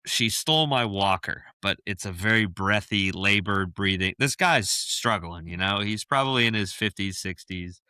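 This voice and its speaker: A man's voice: sits low, normal speed, hardly any pauses, sharp tone, clear, resonant tone, dry recording. A man co-hosting a podcast, telling a story in casual chat and laughing often mid-sentence. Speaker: podcast co-host.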